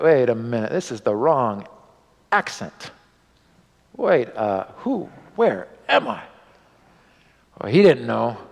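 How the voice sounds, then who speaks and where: A male pastor telling a story in a sermon, animated, his voice rising and dropping for drama. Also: medium pitch, gravelly. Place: church sanctuary. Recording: long church hall reverb.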